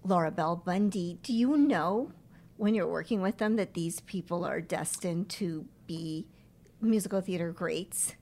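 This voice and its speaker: A woman's voice: lowish voice, measured pace, dark tone. A woman interviewing a guest, asking questions and prompting him with short reactions. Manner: attentive, prompting, brief reactions.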